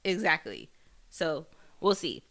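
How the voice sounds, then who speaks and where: A woman's voice: sits low, huge pitch swings, takes it slowly, a bit bright. A woman hosting a podcast, recapping a TV episode in a casual, rambling way with many fillers and restarts, and swearing for emphasis. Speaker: podcast host.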